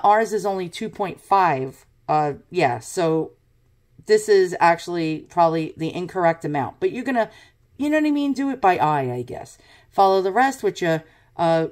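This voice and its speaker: A woman's voice: fairly low pitch, a little mellow. A woman with a New York accent giving a casual, blunt product review with lots of ums and uhs. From Brooklyn, New York. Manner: chatty, blunt, many fillers.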